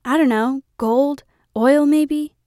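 A woman voicing a gruff, restless middle-aged father who talks loudly and snarls. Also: high voice, takes it slowly, no echo, clean studio sound, voice pushed up. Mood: agitated.

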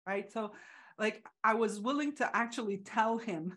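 A woman in casual, reflective conversation, talking haltingly with many restarts and acting out the voices she quotes. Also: fairly high pitch, fairly bright tone.

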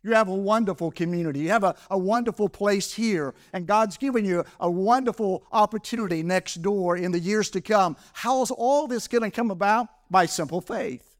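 Guy preaching a sermon in church, fairly high voice, says things over and over for emphasis. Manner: reads scripture slowly in old English. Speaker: pastor. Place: church service.

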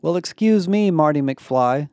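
A man's voice: medium pitch, lively intonation, a little slow, mellow, no echo, studio quality, lightly acted. A man voicing a sassy, dramatic teenage girl who speaks with indignant emphasis.

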